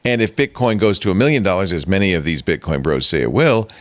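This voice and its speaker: A man's voice: sits low, animated, fast. A man hosting a tech talk show, chatting playfully and reading bits aloud with theatrical flair. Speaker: host.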